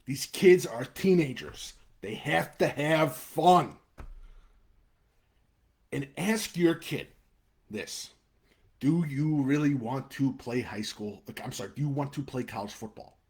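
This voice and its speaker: This high school football show host has a medium-pitched, husky, slightly mellow voice, speaking slowly but with animation. Hosting a live webcast rant and game preview in a Chicago-area American accent, he's blunt and worked up, letting a curse slip and then apologizing.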